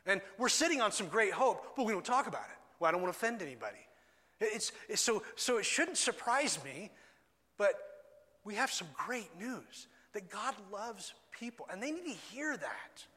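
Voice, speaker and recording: A man's voice: high-pitched, sing-song, moderate pace, bright, forceful tone. A man preaching a sermon as pastor, earnest and conversational, often restarting his phrases. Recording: long hall reverb.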